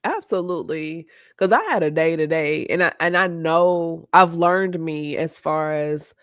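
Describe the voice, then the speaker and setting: A woman's voice: deep voice, unhurried, smooth, no room sound. Woman host, candid live-stream chat, reflective and open, dry close sound. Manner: open, reflective, laughs easily.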